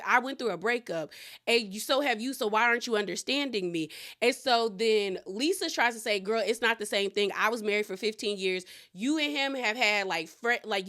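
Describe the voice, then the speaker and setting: A chatty woman retells reality-TV drama, slipping into quick impressions of the people she quotes. Her voice is bright and sits a little high for a woman. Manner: gossipy, retells scenes quoting people, laughs often. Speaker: reality TV recap host. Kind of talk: casual recap chat.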